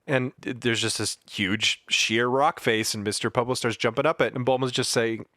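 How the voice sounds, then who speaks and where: A man co-hosting a casual podcast, recapping a cartoon scene by scene, enthusiastic and quick to laugh. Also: medium pitch, fairly even intonation, sharp tone, no echo, studio quality. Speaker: podcast co-host. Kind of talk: casual chat recapping an anime.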